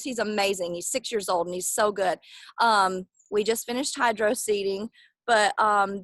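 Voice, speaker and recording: A woman's voice: fairly high pitch, fairly bright tone, no room sound. A woman with a Southern US accent, chatting on a video call from outdoors, giggly and rambling. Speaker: real estate panelist. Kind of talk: casual video call chat. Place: outdoors on a back deck.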